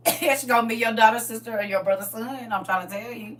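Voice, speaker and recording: A woman's voice: on the high side, brisk, distant mic. A middle-aged woman chatting on her livestream, playful and boisterous, laughing often. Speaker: livestream host. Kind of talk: casual livestream chat. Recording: voice from away from the mic.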